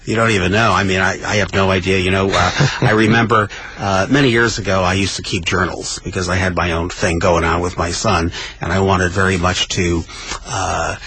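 A man's voice: low voice, fairly even intonation, normal speed, slight background noise, low-quality recording. A man co-hosting a radio talk show, chatting and reading book passages aloud with growing emotion. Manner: reads aloud with mounting emotion, shouts quoted lines.

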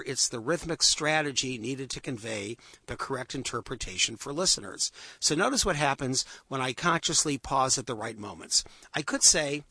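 Husky-voiced man hosting a talk show. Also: medium pitch, dry recording. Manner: expressive, plays with pauses and emphasis. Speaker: show host. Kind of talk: radio talk show chat with storytelling tips.

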